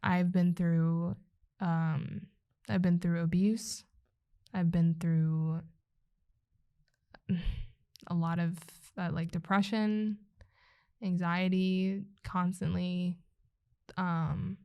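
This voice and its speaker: A young woman co-hosting a podcast, speaking in casual chat with a halting, emotional delivery as she holds back tears. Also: lowish voice, flat delivery, clean tone, dull audio. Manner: emotional, halting, trying not to cry. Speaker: podcast co-host. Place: indoor podcast recording.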